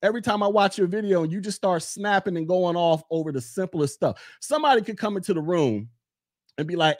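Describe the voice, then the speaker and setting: Man, high voice, mocking podcast rant, dry close sound. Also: lively intonation, a little fast, dry recording. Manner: blunt, mocking, loud bursts. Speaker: commentary podcaster. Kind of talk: ranting casual commentary. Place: home, behind a desk.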